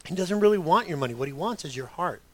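A man's voice: on the high side, animated, fast. A middle-aged man preaching a sermon as a pastor, conversational, with rhetorical questions to the congregation.

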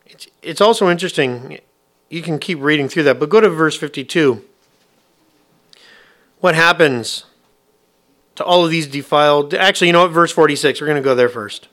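Pastor, male, bright slightly high voice, conversational sermon full of rhetorical questions. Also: normal speed, pauses often.

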